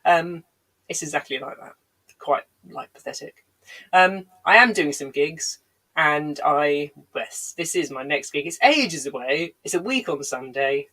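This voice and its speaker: A woman's voice: sits low, lively intonation, a little slow, a bit bright, low-quality recording. A woman comedian telling digressive stories with dry, self-deprecating asides. She sounds a bit congested, with a lingering cough, on a home livestream. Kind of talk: rambling comic storytelling on a livestream.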